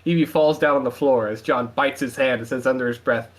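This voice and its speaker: A man's voice: mid-range voice, fairly even intonation, a little fast. A man reading a fan-written story aloud on his show with dramatic storytelling.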